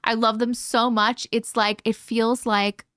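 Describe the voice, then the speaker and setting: A woman's voice: a little high, level tone, measured pace, a bit bright, clear, resonant tone, no room sound, clean studio sound. A young woman from the United States hosting a live stream, chatting casually, swearing freely, laughing often and filling her talk with "like.". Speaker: livestream host. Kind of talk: casual live chat reading viewer comments.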